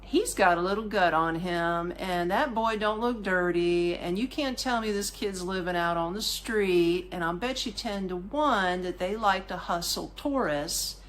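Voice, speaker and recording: A woman hosting a podcast, telling a travel story in a casual, animated, colloquial way with frequent asides to the listener. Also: on the low side, unhurried, few pauses. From United States. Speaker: podcast host.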